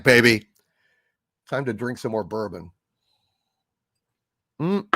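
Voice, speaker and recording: Middle-aged male streamer, sarcastic and furious, lively swooping delivery, a bit high-pitched. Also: a little slow, long pauses, noisy background. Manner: angry, sarcastic, swears often. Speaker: livestream host reading super chats. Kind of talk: ranting livestream chat.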